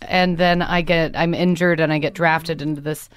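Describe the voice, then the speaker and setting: Young woman, actress guest, deadpan self-mocking jokes, smooth lower voice. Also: moderate pace, dry recording, clean studio sound. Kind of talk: casual comedic interview.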